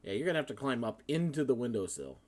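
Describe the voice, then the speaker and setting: A man's voice: medium pitch, sing-song, quick pace, darkish tone. A man running a tabletop game as game master, talking casually with frequent fillers.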